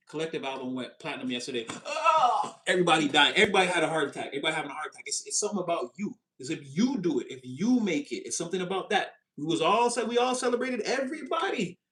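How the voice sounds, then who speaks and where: A man giving a casual, animated tarot reading, chatty and expressive and quick to laugh. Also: fairly high pitch. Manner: animated, chatty, swings into voices, laughs often. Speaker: tarot reader.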